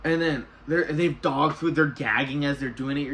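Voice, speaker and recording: A man's voice: a little high, steady tone, normal speed, fairly bright tone, a little hiss or hum, low-quality recording. Rambling man recapping a TV episode. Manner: rambling, restarts a lot, reenacts characters' lines. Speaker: TV episode reviewer. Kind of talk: casual recap review.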